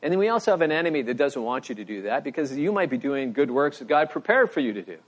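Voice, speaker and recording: A middle-aged man preaching a sermon as pastor, telling stories with animated emphasis and a voice that rises when he makes a point. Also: mid-range voice, fast talker. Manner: animated storytelling, voice rising for emphasis.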